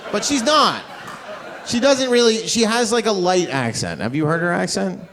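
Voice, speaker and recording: A man's voice: high voice, big pitch swings, moderate pace, fairly bright tone, a little hiss or hum. A man from Canada doing stand-up crowd work on a club stage, brash and profane. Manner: brash, profane, swings into mocking put-on voices. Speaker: stand-up comedian. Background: audience laughter.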